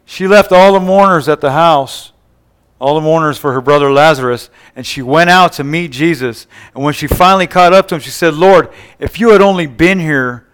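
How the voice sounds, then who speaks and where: A man's voice: on the high side, a little fast, a bit bright, clear, resonant tone. A man preaching a sermon, retelling scripture scenes with quoted dialogue and frequent call-and-response asides.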